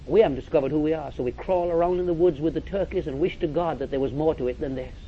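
Emphatic high-voiced preacher, lo-fi. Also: male voice, quick pace, slightly rough. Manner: emphatic, repeating phrases, addressing listeners with "now listen". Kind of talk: sermon. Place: church or meeting hall with audience. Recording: dull lo-fi recording.

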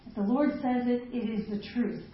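A woman's voice: on the high side, normal speed. A middle-aged woman leading a women's ministry talk, chatty and self-mocking, laughing often between points. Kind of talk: live talk to a women's group. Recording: echoey hall, distant mic, dull lo-fi sound, faint noise.

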